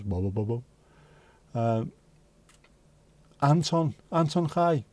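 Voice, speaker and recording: A man's voice: mid-range voice, lively intonation, slow pace, long pauses, darkish tone, no echo. A man with a Liverpool accent hosting a livestream, chatting casually and jokily with viewers, swearing freely. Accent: Liverpool (Scouse). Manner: jokey, rambling, swears freely. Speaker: livestream host. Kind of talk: casual chat reading viewer comments.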